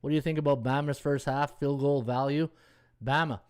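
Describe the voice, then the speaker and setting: In a mid-range, a little mellow and clean-toned voice with fairly even intonation, a man talks slightly fast while hosting a casual sports betting stream. The handicapper rambles and thinks aloud as he scrolls stats, and he reads viewer comments and thanks viewers.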